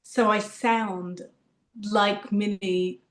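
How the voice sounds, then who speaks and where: A woman's voice: medium pitch, fairly even intonation, extremely slow, roomy sound. A woman with a British accent, an actress guest chatting thoughtfully in an interview and laughing often. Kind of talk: casual interview chat.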